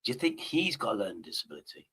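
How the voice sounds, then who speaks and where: A man's voice: fairly low pitch, very animated, rapid-fire, bright, forceful tone, slightly rough. A man hosting a casual chat, rambling with frequent restarts and swearing. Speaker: host.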